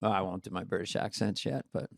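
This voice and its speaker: A man's voice: sits low, fast, creaky, dry recording, studio quality. An older man co-hosting a comedy podcast, chatting casually and playfully, laughing often at his own jokes. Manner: playful, laughing, self-deprecating. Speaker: podcast co-host.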